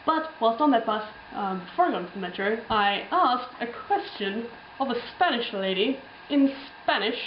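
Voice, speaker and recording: A woman's voice: a little high, animated, moderate pace, few pauses, echoey room, muffled recording, slight background noise. A young woman telling a travel story in a casual, rambling way, full of ums and little laughs. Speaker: travel vlogger.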